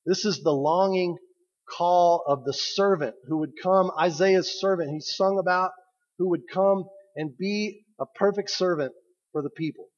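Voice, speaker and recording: Male pastor, conversational and emphatic sermon, slightly high voice. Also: lo-fi sound. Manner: conversational, emphatic preaching with slow pauses.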